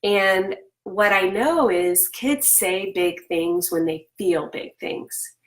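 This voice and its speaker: A middle-aged woman with a mid-range voice talks calmly about parenting and guides listeners through slow breaths. She sits back from the mic in a roomy space, so her voice sounds distant and echoey. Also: medium pitch. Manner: calm, slow breathing cues and personal stories. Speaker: parenting talk host. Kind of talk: reflective talk with guided breathing.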